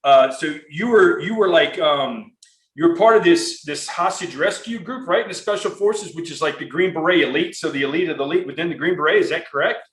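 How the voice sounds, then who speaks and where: A podcast host conducts a casual, conversational interview, his voice fairly high and quick. He talks earnestly and profanely, rambling and restarting often. The recording is rough and reverberant.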